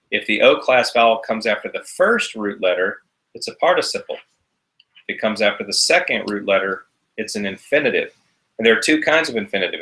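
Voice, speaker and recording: A man's voice: on the low side, bright, forceful tone, low-quality recording. A man teaching a recorded class, explaining each step patiently. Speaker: Hebrew teacher.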